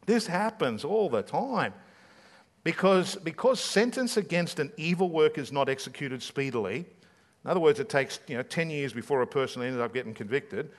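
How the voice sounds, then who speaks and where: A man preaching to his congregation, chatty and direct, firing off rhetorical questions. His voice sits a little higher than most men's. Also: animated, moderate pace. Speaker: pastor. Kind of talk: sermon.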